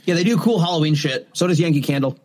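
Fast-talking young man co-hosting. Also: fairly high pitch, animated, a little mellow. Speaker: podcast co-host. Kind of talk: casual chat.

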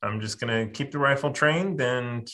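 A man's voice: medium pitch, normal speed, bright, forceful tone. A man playing a tabletop game, deciding his moves hesitantly. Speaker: player. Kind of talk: tabletop play.

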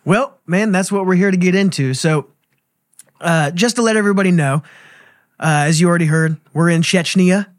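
A man's voice: high voice, normal speed, no echo, clean studio sound. A man hosting a comedy podcast, easygoing and playing along with his drunk guests. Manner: laid-back, easygoing, plays along. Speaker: host.

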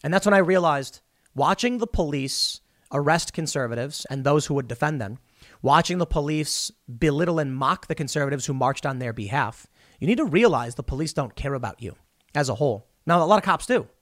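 Fairly high in pitch, fairly quick and a bit bright, his voice has lively intonation. The man, a political commentator, speaks bluntly and directly to viewers with his own take, recounting events with acted-out lines, on a clean, echo-free studio recording.

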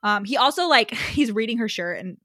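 A woman co-hosting a book podcast, talking in an animated way and dropping her voice to quote characters. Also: on the high side, fairly quick, no room sound, clean studio sound. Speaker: podcast co-host. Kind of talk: casual book chat.

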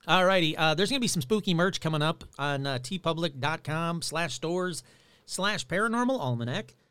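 A man hosting his own podcast in a chatty, rambling way, reading out shout-outs and plugs. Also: fairly high pitch, moderate pace, smooth, no room sound. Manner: chatty, rambling, animated delivery. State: losing his voice. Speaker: podcast host. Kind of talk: casual podcast chat.

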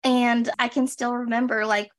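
Young woman, podcast co-host, casual chat, rambling, fairly high voice. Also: flat delivery, normal speed. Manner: chatty, trails off and restarts, lots of "like".

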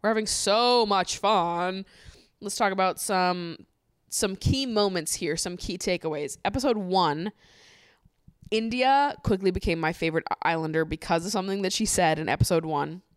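A woman's voice: on the low side, moderate pace, clean tone, no room sound, studio quality. A young woman hosting a podcast in casual chat, swearing freely and laughing often. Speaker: podcast host.

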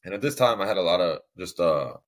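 A man's voice: low-pitched, lively intonation, fast talker. A young man telling his own story as a podcast guest, candid and rambling, with many restarts and fillers.

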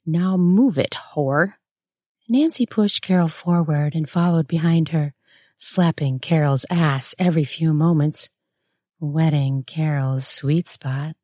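A woman narrating a read-aloud erotic story in a measured, unhurried way. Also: low voice, warm tone, dry recording, clean studio sound.

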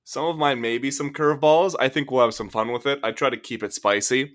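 A man's voice: mid-range voice, fast talker, fairly bright tone. A man co-hosting a podcast in casual chat, joking and rambling as he laughs often. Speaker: podcast co-host.

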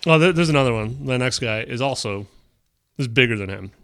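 A man's voice: mid-range voice, animated, fairly quick, fairly bright tone. A man co-hosting a casual podcast, reading conspiracy stories aloud and adding dry asides. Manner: reads quotes aloud, then adds dry asides.

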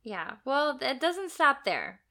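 Bright-voiced woman telling a story. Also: sits high, very animated, slow pace. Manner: storytelling, recounting cases with frequent small laughs. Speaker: podcast co-host. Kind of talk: casual chat.

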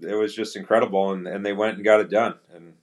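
Low-voiced middle-aged guy on a podcast, laid-back storytelling, does the other people's lines as he goes. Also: fast talker. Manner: relaxed anecdotal storytelling, acts out quoted dialogue. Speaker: guest, retired hockey player. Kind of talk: casual storytelling interview.

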